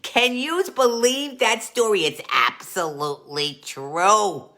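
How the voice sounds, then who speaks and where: A woman playing a warm, gossipy aunt who hosts a live stream, chatting to viewers and calling them dolls. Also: mid-range voice, slow pace. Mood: chatty storytelling. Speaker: comic host. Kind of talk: live-stream storytelling in character.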